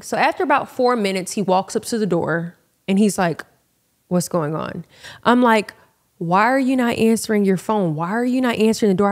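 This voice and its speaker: A young woman tells a personal story on her podcast in a relaxed, chatty way. She speaks frankly and with lively feeling, her voice sitting in an ordinary middle pitch for a woman. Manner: animated, frank, addresses listeners as y'all. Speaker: podcast host. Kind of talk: casual storytelling.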